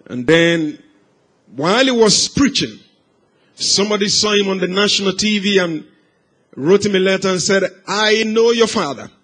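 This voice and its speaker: A man preaching, telling a life story as a sermon, swinging from hushed, slow passages to loud, raised cries. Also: high-pitched. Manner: dramatic swings from hushed to shouted.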